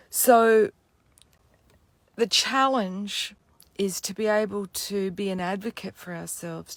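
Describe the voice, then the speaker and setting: Woman astrology teacher, unhurried and low, dry close sound, reflective asides. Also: no echo. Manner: reflective, peppered with "you know" and "yeah". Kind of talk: spiritual talk to camera.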